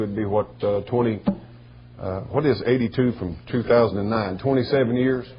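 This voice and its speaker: A middle-aged man preaching a sermon as pastor, emotional, going from soft and teary to shouting. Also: mid-range voice, slight background noise. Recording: dull lo-fi church recording.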